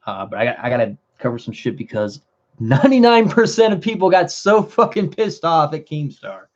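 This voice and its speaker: A man's voice: on the high side, big pitch swings, fairly quick, dull audio. A man hosting a commentary livestream, ranting in a heated, profane, rambling way with frequent restarts. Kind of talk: live commentary rant.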